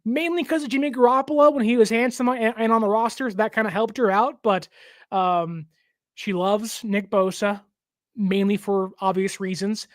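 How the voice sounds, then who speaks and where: A young man hosting a casual sports talk show, given to animated joking rants. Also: high-pitched, normal speed, no room sound, studio quality. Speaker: show host.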